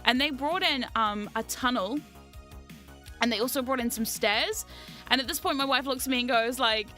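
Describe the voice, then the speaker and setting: Woman streamer, high and bright, loose and chatty, swears freely, animated storyteller. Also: normal speed, faint music behind. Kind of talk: casual storytelling chat.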